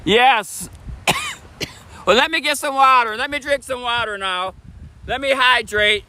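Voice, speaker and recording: A man with a Michigan accent chatting fast and casually on a livestream, sitting outdoors on a bench by a bridge. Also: very high voice, bright, forceful tone, smooth, poor audio. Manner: talks fast, chatty, laughs often. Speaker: streamer. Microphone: phone camera on a tripod.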